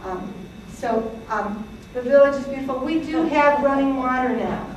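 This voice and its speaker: A Greek-born woman in her sixties presents a chatty talk to an audience, full of fillers and laughter. Her voice is high-pitched and her pace moderate, recorded from far off in an echoey hall with slight background noise.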